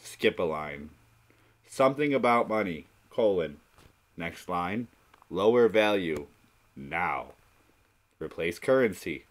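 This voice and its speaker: A man's voice: low voice, lively intonation, takes it slowly, long pauses. A man hosting a solo podcast, rambling in a scattered, self-mocking way. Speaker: podcast host. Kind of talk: rambling solo comedy monologue.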